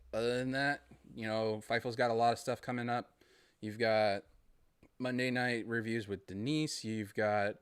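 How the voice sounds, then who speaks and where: A man's voice: medium pitch, clear, resonant tone, dry recording, studio quality. A man from Massachusetts with a Boston accent, hosting a casual solo podcast and rambling in a friendly way. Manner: rambling, friendly, laughs between thoughts. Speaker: podcast host.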